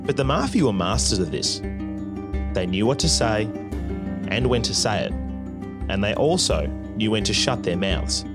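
A man's voice: on the low side, very animated, normal speed, long pauses. Wry male narrator over guitar music. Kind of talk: scripted documentary narration.

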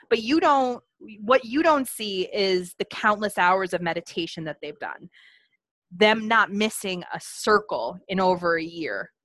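A woman's voice: mid-range voice, fairly bright tone, no echo. A woman co-hosting a casual conversation about psychic development, candid, laughing often and swearing freely. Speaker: podcast co-host, psychic medium teacher. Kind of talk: casual chat.

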